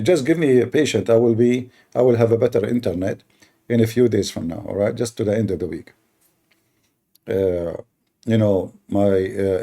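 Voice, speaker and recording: Combative man with a very dark voice. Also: on the low side. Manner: mocking, combative, halting with many restarts. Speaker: livestream debate host. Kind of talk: heated live-stream debate.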